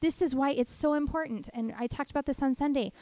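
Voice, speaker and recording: A middle-aged woman teaching a devotional talk, an animated storyteller. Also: sits high, quick pace, dry recording. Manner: animated storyteller who acts out family voices. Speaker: women's ministry teacher.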